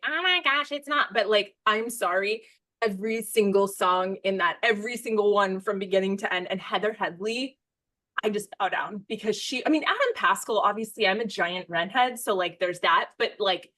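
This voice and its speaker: An American podcast host in her thirties chats casually, gushing and rambling and often cutting herself off mid-sentence. Her voice sits in the mid range with a slightly bright quality.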